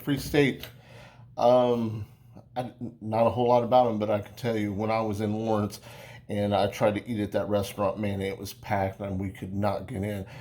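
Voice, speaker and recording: A low-voiced man talks through a beer tasting in an easygoing, rambling way. He stops often to fill pauses and restart his sentences, like a friend chatting over a drink. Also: darkish tone. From United States. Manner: rambling, folksy, lots of fillers and restarts. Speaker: beer review vlogger. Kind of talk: casual beer review.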